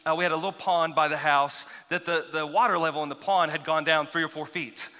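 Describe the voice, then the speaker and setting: Pastor, male, high and ringing voice, chatty storyteller, large reverberant sanctuary. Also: a little fast. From grew up near Seminole. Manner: animated, chatty, self-teasing with many restarts. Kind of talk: sermon storytelling. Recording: long reverb of a large hall.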